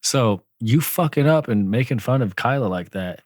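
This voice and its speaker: Swearing, animated man on a dry mic. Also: mid-range voice, moderate pace, dry recording. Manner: swears freely, animated storytelling. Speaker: podcast co-host. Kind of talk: casual chat.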